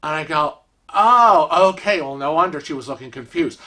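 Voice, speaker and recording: Bright-voiced man telling a lively story. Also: a little high, fast. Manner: animated, acts out quoted voices. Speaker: vlogger telling a travel story. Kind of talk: casual storytelling.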